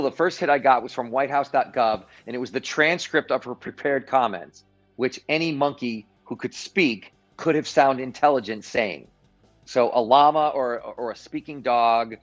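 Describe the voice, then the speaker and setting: A man's voice: medium pitch, normal speed, dull audio, faint music behind. A man hosting a live-streamed show and giving emphatic, self-assured commentary with sarcastic asides. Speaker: show host. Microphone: live-stream mic.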